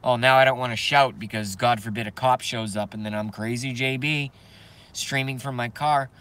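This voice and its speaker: A man's voice: mid-range voice, steady tone, normal speed, fairly bright tone, clean tone. A man ranting to viewers on a live stream from his parked car, swearing and agitated.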